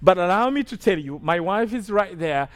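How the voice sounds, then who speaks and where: Male preacher from Rwanda, very high voice, emphatic testimony delivery with call-and-response asides. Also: animated, normal speed. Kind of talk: sermon testimony.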